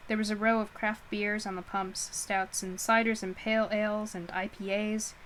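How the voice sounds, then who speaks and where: A woman's voice: medium pitch, level tone, normal speed, a bit bright, slight background noise, poor audio. A woman reading a novel aloud in a casual, homemade narration, often stumbling, correcting herself and chatting between passages. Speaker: audiobook reader.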